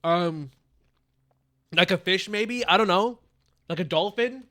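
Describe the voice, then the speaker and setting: Young male streamer, casual and foul-mouthed, with a slightly high, sharp, forceful voice. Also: slow. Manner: profane, excitable, calls the chat bro. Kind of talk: casual live-stream gaming chat.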